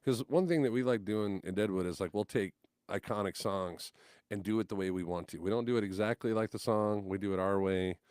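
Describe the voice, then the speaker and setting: Guy telling a wild story, acts out the voices, swears a lot, lowish voice, dry close mic. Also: brisk, smooth, no echo. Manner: animated storyteller, acts out quotes, swears casually. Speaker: guest musician. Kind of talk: casual chat.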